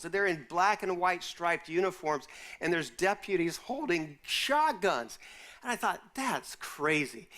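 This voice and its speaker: A pastor preaches to a live audience and moves between teaching and a vivid personal story, voicing the people in it. His voice is bright and forceful and sits a little high for a man. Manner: animated storyteller, acts out quoted voices. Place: university chapel or auditorium.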